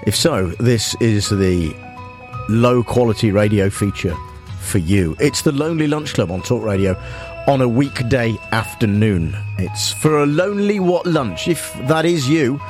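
A man hosting a spoof talk radio show, rambling and hesitant with a deadpan delivery. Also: medium pitch, a little slow, soft background music. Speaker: radio host.

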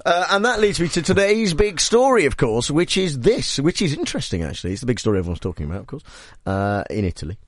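A man's voice: fairly high pitch, big pitch swings, fast, hardly any pauses, no echo. A man hosting a radio show, chatting in a teasing, jokey way. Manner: teasing, jokey, mock DJ voice at times. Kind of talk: playful radio chat. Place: radio studio.

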